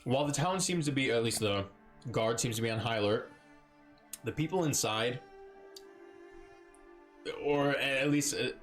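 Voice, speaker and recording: A man's voice: medium pitch, moderate pace, pauses often, faint music behind. A man narrating as dungeon master of a live-streamed tabletop game, playful and rambling, often breaking into laughter.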